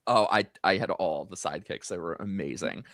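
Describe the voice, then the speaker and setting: A man's voice: fairly quick, vocal fry, no room sound, clean studio sound. A middle-aged man hosting a live stream, telling a long anecdote in a chatty, gossipy way. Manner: chatty, storytelling, swings high in pitch when excited. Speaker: host. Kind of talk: casual live-stream chat.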